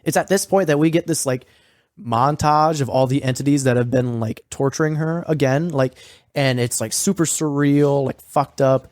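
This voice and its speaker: A man co-hosting a podcast recaps a horror series in loose, rambling talk, swearing freely and leaning on fillers. His voice sits at an ordinary middle pitch. The recording is dry and close, with no room echo. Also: moderate pace, darkish tone. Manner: profane, rambling, filler-heavy. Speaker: podcast co-host.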